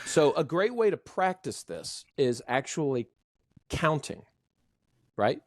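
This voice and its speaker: A man speaking as a trainer in a casual podcast conversation, showing off vocal inflection with big pitch swings. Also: very animated, a little slow, a little mellow, no room sound, clean studio sound.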